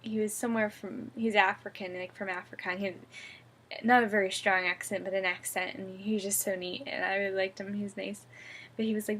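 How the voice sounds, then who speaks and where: A young woman vlogging from bed in a casual video diary, groggy and drowsy, rambling in a soft, chatty, giggly way. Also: medium pitch, brisk. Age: young adult. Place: at home, sitting up in bed.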